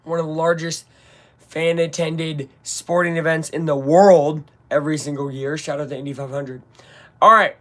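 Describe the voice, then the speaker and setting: Higher-voiced man doing casual game commentary. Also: flat delivery, normal speed, a little mellow. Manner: casual, rambling, openly frustrated fan talk. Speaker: fan watch-along commentator. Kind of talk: live play-by-play fan commentary.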